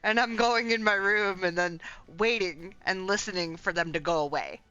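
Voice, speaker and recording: A woman player in a tabletop game, speaking softly and politely. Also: medium pitch, moderate pace, clean tone, no echo, lo-fi sound, faint music behind.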